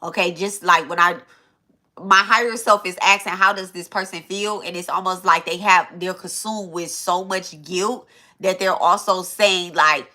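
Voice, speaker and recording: A young woman with a bright, forceful voice gives an informal tarot reading straight to her viewers. She talks loosely, swears often, and keeps breaking off and restarting her sentences. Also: fairly low pitch, steady tone, measured pace. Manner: casual, swearing, thinks aloud with many restarts. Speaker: tarot reader.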